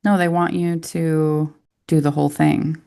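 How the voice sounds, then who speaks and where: Low gravelly American woman. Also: little pitch movement, a little slow, warm tone. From United States. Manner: wry, joking asides. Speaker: podcast co-host. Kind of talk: casual gaming chat.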